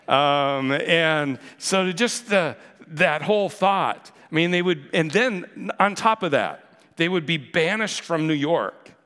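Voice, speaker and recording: Earnest pastor in a reverberant hall. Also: male voice, fairly high pitch, bright, forceful tone. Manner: conversational and earnest, many fillers and asides. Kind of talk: verse-by-verse sermon. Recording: long reverb of a large hall.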